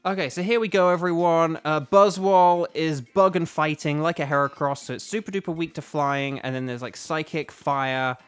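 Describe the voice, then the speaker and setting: A man's voice: fairly high pitch, fairly even intonation, normal speed, hardly any pauses, clear, resonant tone, soft background music. Chatty British man streaming a game. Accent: British English. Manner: rambling, chatty, many fillers and restarts. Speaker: streamer and voice actor. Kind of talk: casual gaming livestream chat.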